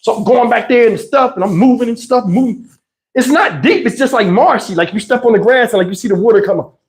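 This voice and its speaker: A New Jersey man hosting a livestream talks extremely fast in a very high-pitched voice, picked up by a wireless lapel mic. He tells a childhood story in animated, slangy language and acts out the different voices.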